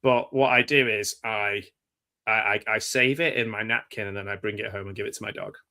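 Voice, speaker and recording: A man's voice: lowish voice, fairly even intonation, brisk, creaky, sharp tone. An English man hosting a casual live chat about films, rambling and hesitant, with many fillers and restarts. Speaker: show host.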